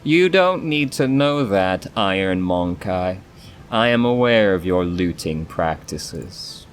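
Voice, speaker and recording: Brief: man voicing a solemn female elf in a game let's play, measured and low-pitched. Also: lively intonation, slight background noise. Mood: stern. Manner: solemn, measured reading with stumbles on names. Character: grave, sorrowful female elf of an ancient dying race. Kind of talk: reading game dialogue aloud.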